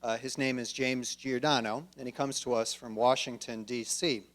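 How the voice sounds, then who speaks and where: A man acts as event host and introduces the evening's speaker. His voice sits at a middling pitch, and he reads through a list of credentials with small fillers here and there. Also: fairly even intonation, moderate pace, a bit bright. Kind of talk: formal introduction.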